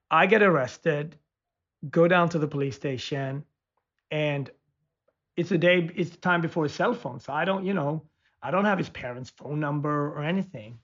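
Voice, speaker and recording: A man's voice: a little high, a bit bright. A man telling a personal story in casual conversation, rambling with frequent restarts and fillers. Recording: muffled lo-fi audio.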